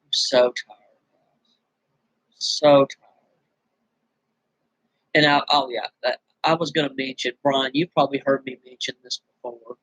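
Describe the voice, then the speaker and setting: A man's voice: mid-range voice, steady tone, unhurried, pauses often, a bit bright, dry recording, rough recording. A man vlogging and venting his frustrations, weary and bitter, rambling with many restarts, his throat dry from screaming earlier. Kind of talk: venting straight to camera.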